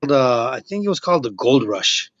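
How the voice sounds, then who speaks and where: A man's voice: medium pitch, fairly quick. A man in his forties, a comedian guest, telling a story in casual chat and acting out what people said. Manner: animated, acts out quoted lines. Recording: muffled lo-fi, dry.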